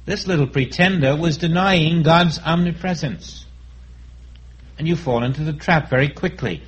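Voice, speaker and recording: A man giving a sermon as a spiritual teacher, speaking in a calm, reflective way and acting out inner dialogues. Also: fairly high pitch, normal speed, muffled recording.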